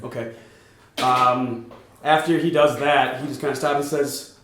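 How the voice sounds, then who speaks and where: A man's voice: medium pitch, steady tone, measured pace, fairly bright tone. Casual man running a tabletop game in an echoey room. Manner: casual, loose narration that slips into brief character voices. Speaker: game master.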